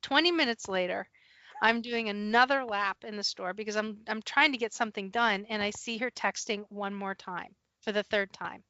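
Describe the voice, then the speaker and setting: A middle-aged woman hosting a podcast as an HR professional, telling a workplace story in casual chat, animated and laughing often. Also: medium pitch, moderate pace, no echo. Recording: dull, dry, slightly lo-fi podcast audio.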